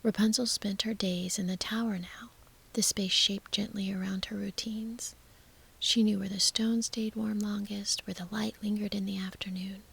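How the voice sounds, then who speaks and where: Female storyteller, whispered sleep-story narration; hushed, soothing, heavy fry and breath in the voice. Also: mid-range voice.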